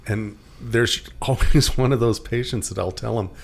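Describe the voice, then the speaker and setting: A man's voice: medium pitch, moderate pace, creaky, a little hiss or hum. A male paramedic co-hosting a podcast, telling a long story casually with many fillers and restarts.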